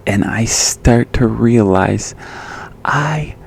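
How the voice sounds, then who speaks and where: A man's voice: low-pitched, fairly even intonation, takes it slowly, vocal fry, darkish tone, a little hiss or hum. A young man from the Midwest hosting a casual solo podcast, joking and laughing at himself and going off on tangents. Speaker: podcast host.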